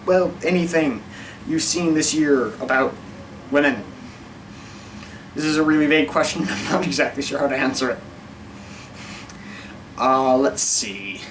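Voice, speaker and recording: A man's voice: medium pitch, slow, pauses often, a bit bright, distant mic, a little hiss or hum, poor audio. A man talking casually to camera in a vlog, giving his opinions in a wry, rambling way and often interrupting himself. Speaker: vlogger.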